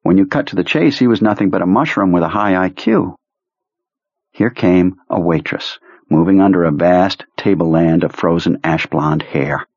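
A man reading a novel aloud as narrator, in a steady, measured voice. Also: low-pitched, no room sound, lo-fi sound. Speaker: audiobook narrator. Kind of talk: scripted narration.

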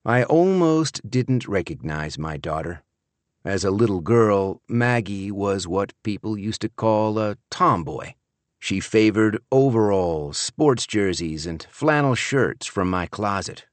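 A man narrating an audiobook in the first person, with an expressive, wry storytelling manner. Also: lowish voice, no room sound.

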